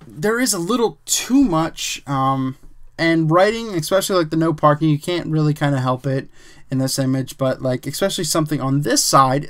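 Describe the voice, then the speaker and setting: A man casually teaching a photo editing technique step by step, thinking aloud with fillers and the odd "bam". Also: a little high. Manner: relaxed, chatty, says "bam" and "um", thinks aloud while working. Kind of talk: casual screen-recorded tutorial.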